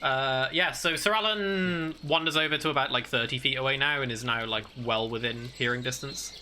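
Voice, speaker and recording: A man's voice: medium pitch, normal speed, sharp tone, a little hiss or hum. A man narrating a tabletop game as game master, rambling with lots of fillers. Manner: rambling, filler-heavy, laughs easily.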